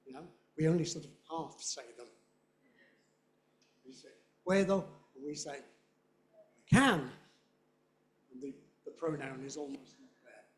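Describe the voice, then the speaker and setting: A man's voice: mid-range voice, steady tone, normal speed, pauses often, dark tone. A man giving a conference lecture, explaining points and saying example phrases aloud to demonstrate them. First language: English. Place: lecture room. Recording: echoey lecture room.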